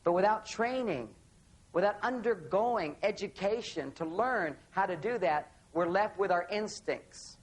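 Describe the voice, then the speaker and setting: Animated man telling a relationship story. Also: high-pitched, a little slow, poor audio. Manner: animated storyteller acting out dialogue. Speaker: relationship author speaking on stage. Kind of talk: seminar talk with storytelling.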